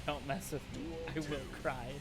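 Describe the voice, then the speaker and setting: A man streaming a fighting game with a friend, explaining things in a halting, stammering way and laughing often. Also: a little high, fairly even intonation, over loud music. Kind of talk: casual gaming chat.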